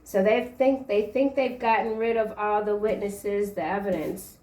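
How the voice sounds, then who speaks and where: A woman reads tarot in an unhurried, meandering way, trailing off and restarting as she interprets each card. Her voice sits at an ordinary middle pitch. It sounds roomy and echoey, a little away from the microphone. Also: fairly even intonation, darkish tone, far from the mic. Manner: rambling, halting stream of card interpretations. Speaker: tarot reader. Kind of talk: casual tarot reading to camera.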